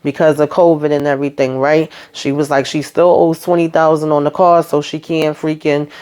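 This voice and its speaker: A woman's voice: low-pitched, flat delivery, moderate pace, darkish tone. A woman hosting a casual show recap, chatty and full of asides, retelling scenes by quoting what people said.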